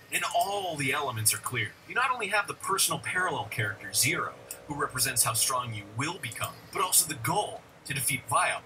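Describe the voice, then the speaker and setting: A man hosting a video essay in an animated, profane style who swears a lot and shouts when he gets excited. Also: a little high, low-quality recording.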